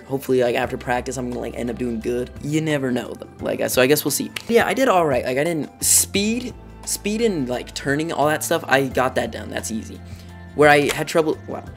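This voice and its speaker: A teenage boy vlogging a storytime, rambling and excitable, filling his talk with "like.". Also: medium pitch. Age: teens. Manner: excitable, rambling, heavy use of "like". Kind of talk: storytime vlog.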